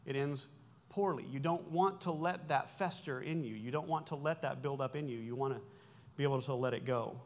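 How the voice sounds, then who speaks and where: Speaking fairly quickly with few pauses, this medium-pitched man in his forties preaches as a pastor. His sermon unpacks Greek words in a chatty way, full of self-corrections and dry humor.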